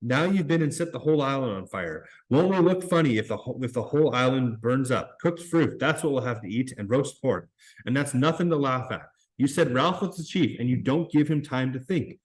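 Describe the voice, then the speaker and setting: Man voicing a schoolboy, indignant, scolding, raised voice, middle pitch, storybook reading. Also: expressive, fairly quick, lightly acted, rough recording.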